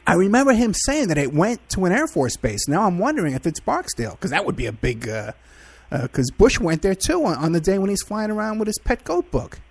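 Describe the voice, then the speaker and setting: A man hosting a radio talk show, asking questions in a casual, conversational way with some halting restarts. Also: high voice, big pitch swings, creaky, husky, no room sound. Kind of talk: interview.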